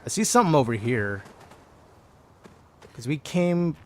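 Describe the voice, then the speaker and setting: A man's voice: fairly high pitch, very animated, a little slow. Chatty man streaming a game. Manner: chatty, thinks aloud, talks to chat. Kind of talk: casual gameplay commentary.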